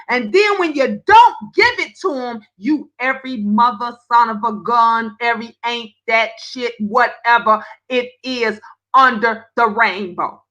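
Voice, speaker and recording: Woman host of a live talk stream, high-pitched and bright, blunt and emphatic. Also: measured pace, rough recording. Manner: blunt, emphatic, profane, animated storytelling.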